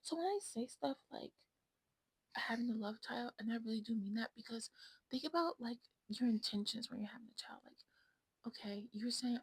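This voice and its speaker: Fairly high-pitched and husky, this woman's voice moves at a moderate pace. She's a vlogger in her twenties talking casually to her phone at home, rambling, frank, self-absorbed and given to whispering. Poor audio, no room sound.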